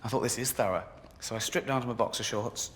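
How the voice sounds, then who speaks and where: A sardonic man working a club crowd with a mocking stand-up routine. His voice carries a long reverb tail, as if he is on a stage in a large room. A steady hiss sits clearly under everything. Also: quick pace. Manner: sardonic, mocking, slips into squeaky put-on voices. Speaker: stand-up comedian. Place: comedy club stage in a video game. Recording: game audio, club reverb with crowd laughter.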